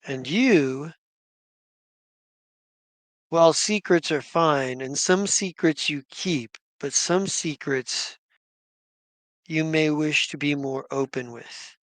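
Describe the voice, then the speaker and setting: A man voicing a solemn female guardian who hands out grave advice in measured pronouncements during a tabletop game. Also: on the high side, a bit bright, no room sound. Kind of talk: tabletop role-play voicing.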